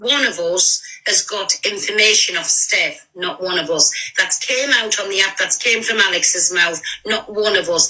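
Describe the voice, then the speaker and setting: A woman's voice: medium pitch, sharp tone, poor audio. A woman in a heated live-stream argument, insistent and indignant.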